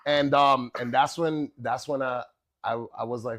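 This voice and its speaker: A man's voice: medium pitch, normal speed. Chatty man telling stories, full of fillers. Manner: animated, lots of fillers like "you know what I'm saying". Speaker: chef, podcast guest. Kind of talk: casual storytelling.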